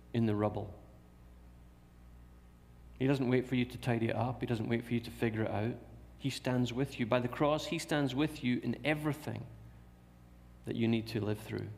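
A man's voice: medium pitch, gravelly, a little mellow. A man preaching a sermon in a church, repeating key phrases and asking rhetorical questions. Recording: long reverb of a large hall.

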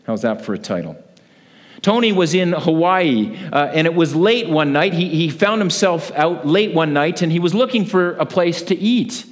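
Storytelling pastor, a fairly high-voiced man. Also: moderate pace. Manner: lively storyteller, acts out quoted voices. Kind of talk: sermon with storytelling.

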